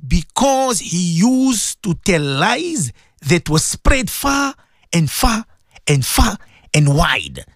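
A man's voice: high-pitched, big pitch swings, slow, a bit bright, no echo, studio quality. Fervent man preaching on radio. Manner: fervent, repetitive, preachy, asks listeners direct questions. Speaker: radio presenter giving religious advice. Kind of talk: impassioned radio sermon.

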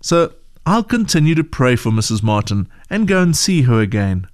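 A man voicing a gentle, patient churchgoing mother in a storybook reading, calm and encouraging. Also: medium pitch, moderate pace, dry recording, clean studio sound, lightly acted.

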